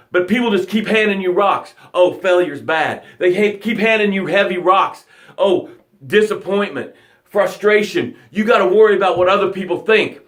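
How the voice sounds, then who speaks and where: Man, motivational coach, fairly high voice, dramatic, loud then hushed, vivid repeated phrases. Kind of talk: live motivational broadcast.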